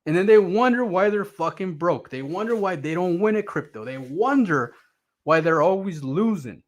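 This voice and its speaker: A man hosting his own stream, delivering a blunt, profane motivational rant that keeps repeating itself and swings between loud and quiet. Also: sits high, lively intonation, moderate pace. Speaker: crypto streamer.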